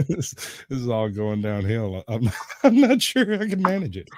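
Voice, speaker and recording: A man's voice: medium pitch, big pitch swings, a little slow, darkish tone. A playful man hosts a casual podcast, and his voice moves all over as he jokes. The sound is dry and close, with no room echo. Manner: playful, joking, laughs often. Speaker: podcast host.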